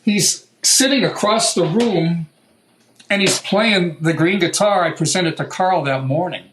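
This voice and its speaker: An older American man, a guitar maker, telling a story in a lively, casual way, swearing now and then and acting out what people said. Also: high-pitched, a little slow, a little hiss or hum, low-quality recording. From United States. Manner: animated, swears, acts out quotes. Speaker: guest luthier.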